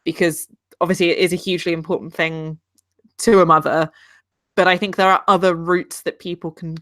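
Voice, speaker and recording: A woman's voice: lowish voice, brisk, no room sound, studio quality. A woman on a live online chat show, talking things through animatedly with a laugh here and there. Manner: animated, thinking aloud, laughing. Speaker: panelist. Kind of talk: casual live-stream chat.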